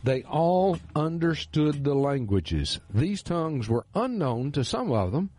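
On the radio, a Bible teacher and host with a Texan drawl preaches scripture earnestly and emphatically, his pitch swooping up and down. His warm, slightly husky voice comes through close and dry with no room sound. He takes his time.

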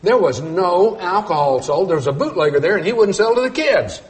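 A middle-aged man preaching a sermon, telling folksy stories and swinging between loud emphatic points and quiet low asides. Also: expressive, brisk. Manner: storytelling with folksy humor.

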